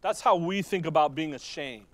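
A man delivers a sermon in a high, bright-edged voice, recorded dry and close. He talks to the congregation conversationally, then punches single words hard for emphasis and drifts into quick asides. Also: no echo. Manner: conversational preaching with sudden loud emphasis and asides. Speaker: pastor.

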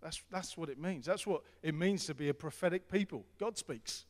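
A middle-aged man preaching a sermon as pastor, earnest and repetitive, swinging between loud appeals and hushed tones. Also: fairly high pitch, brisk. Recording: long hall reverb.

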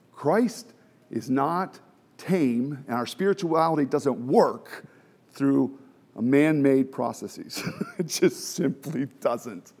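A middle-aged man preaching a sermon from the pulpit, chatty and self-deprecating, moving between quiet asides and emphatic exhortation. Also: fairly high pitch. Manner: conversational with self-deprecating humor, many restarts and fillers. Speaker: pastor.

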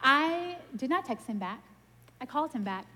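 Woman preacher, lively and chatty, slightly high voice, church hall with long reverb. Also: normal speed, slight background noise. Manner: animated, chatty, laughs at herself. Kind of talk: casual sermon with stories.

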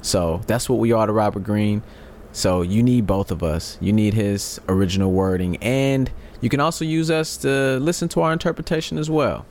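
A man's voice: lowish voice, moderate pace, darkish tone, a little hiss or hum. Playful, teasing male podcast co-host. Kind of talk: casual chat.

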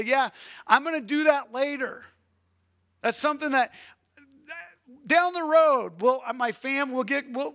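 A man preaching a sermon as pastor, swinging from shouted urging to hushed, quiet pleading. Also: sits high.

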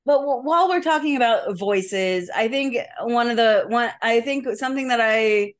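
A woman's voice: fairly high pitch, normal speed. A woman co-hosting a casual comedy podcast, chatting loosely with many fillers. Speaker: podcast co-host.

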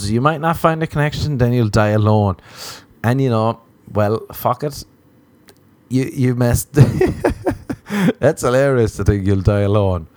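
A young Irish man hosting a podcast, rambling through a comic, self-mocking monologue and sliding into high mock voices. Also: a little mellow, no room sound. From Ireland. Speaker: podcast host. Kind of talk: casual comedic monologue.

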